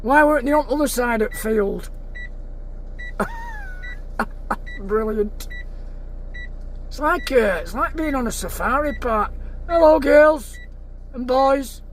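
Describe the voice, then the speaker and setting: Chatty man vlogging outdoors, very high pitch with gravelly fry. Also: huge pitch swings, slow pace, pauses often, a bit bright, slight background noise. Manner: chatty, talks to animals and viewers. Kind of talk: casual vlog chat. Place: outdoors in a field.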